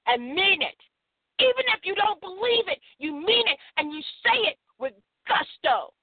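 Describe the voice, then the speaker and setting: A woman's voice: very high-pitched, very animated, normal speed, no echo. A woman hosting a motivational radio show, speaking emphatically and repeating affirmations for listeners to say along. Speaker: radio host. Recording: phone-like narrow sound.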